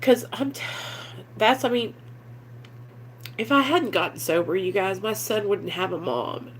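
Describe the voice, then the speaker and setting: A faint hiss or hum sits under this young woman's medium-pitched, measured speech. As a recovery vlogger, she opens up candidly in a wandering, sincere way, filling gaps with plenty of fillers.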